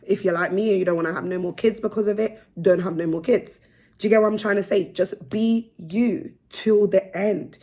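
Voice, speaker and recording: A woman's voice: medium pitch, breathy edge. A young woman chatting frankly and with energy to her phone camera as a vlogger. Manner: frank, animated, laughs between points. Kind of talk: casual chat to camera.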